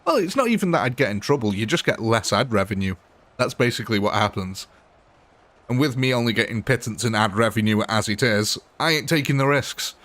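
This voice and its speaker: A man's voice: mid-range voice, lively intonation, brisk, fairly bright tone. A man live-streaming a game, chatting casually, answering viewers' comments and laughing often. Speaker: gaming livestreamer.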